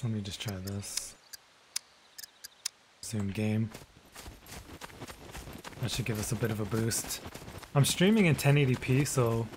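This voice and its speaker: A man streaming a video game live, chatting casually with viewers, relaxed and rambling, often trailing off into quiet mumbles. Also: fairly low pitch, noisy background.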